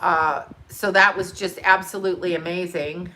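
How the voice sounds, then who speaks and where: Middle-aged female livestream host, bright edge to the voice, excitable and rambling, casual chat into a desk mic. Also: on the low side, moderate pace. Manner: rambling, excitable storytelling with fillers. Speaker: channel host.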